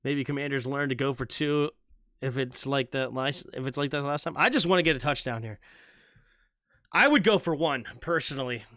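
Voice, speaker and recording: Calling every snap of an American football game for his stream, a young fan hops energetically back and forth between play-by-play and talking with his audience. He speaks at a medium pitch, and the sound is clean studio audio with no room tone.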